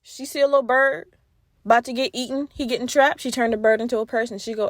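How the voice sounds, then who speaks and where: A woman hosting a podcast, retelling a film plot as animated, profane, slang-heavy comedic storytelling. Her voice sits high. The recording is close and dry, with no room sound. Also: fast talker, dry recording. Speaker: podcast host.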